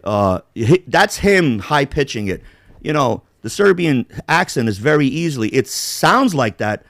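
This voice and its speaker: A man's voice: fairly high pitch, sing-song, moderate pace, dry recording, studio quality. A man hosting a casual podcast, rambling bluntly with heavy swearing. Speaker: podcast host.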